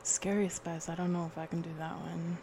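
A woman's voice: fairly low pitch, level tone, brisk, creaky, background noise. Giggly woman with Minnesota accent. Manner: giggly, laughs often at herself. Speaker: vlogger. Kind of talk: casual accent-challenge vlog.

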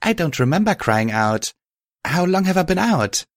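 A man voicing a kind pony alicorn in a raised, gentle, coaxing voice. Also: a little high, very animated, moderate pace, roomy sound, big-room sound, pitched above the performer's own voice. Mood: confused.

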